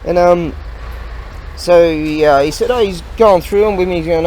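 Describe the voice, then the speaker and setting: A man's voice: high voice, fairly quick, a little mellow, slight background noise. A man chatting casually outdoors near a hardware store, rambling and laughing often. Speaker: vlogger and online seller. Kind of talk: casual chat.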